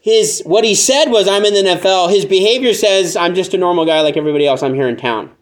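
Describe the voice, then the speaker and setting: A man preaching a conversational sermon, teaching from scripture with joking asides and animated acted-out examples. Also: high voice, quick pace. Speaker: pastor.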